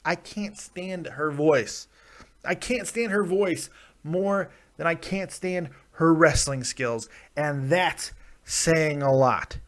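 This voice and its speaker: A man hosts a casual live-stream preview with a slightly higher-than-usual pitch. He rambles, cracks jokes and talks straight to his viewers. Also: slow pace, a bit bright. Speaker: wrestling vlogger.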